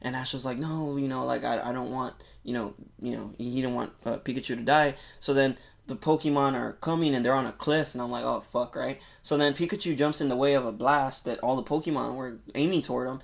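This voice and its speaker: A man on a podcast excitedly retelling a movie plot in casual, rambling chat, full of filler words and swearing. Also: mid-range voice, fast talker, creaky, few pauses. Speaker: podcast co-host.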